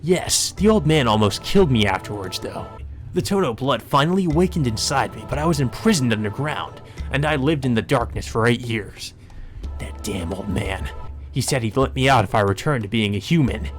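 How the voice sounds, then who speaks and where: A man's voice: medium pitch, lively intonation, normal speed, faint music behind, natural voice. A man reading a visual novel aloud, voicing a vengeful, resentful young man in a bitter, accusing, cold manner.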